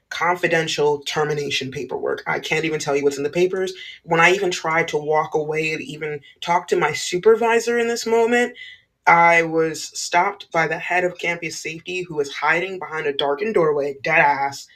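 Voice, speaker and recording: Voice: medium pitch, a bit bright. Blunt, profane personal storyteller. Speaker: former school staff member telling a story.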